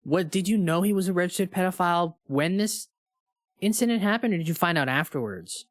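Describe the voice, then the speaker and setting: A man's voice: sits high, animated, fairly quick, no room sound. Podcast co-host, man, wry reactions, dry close-miked sound. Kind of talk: casual podcast chat.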